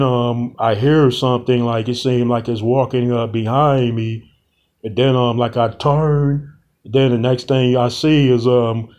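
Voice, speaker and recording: A young man casually retelling a short film plot, rambling and slangy with many pauses. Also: medium pitch, a little mellow. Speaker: storyteller.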